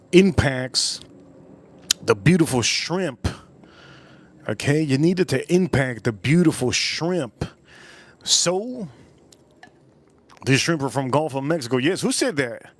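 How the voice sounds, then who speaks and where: A man hosting a casual cooking and whiskey livestream, rambling playfully and repeating catchphrases. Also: medium pitch. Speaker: livestream host.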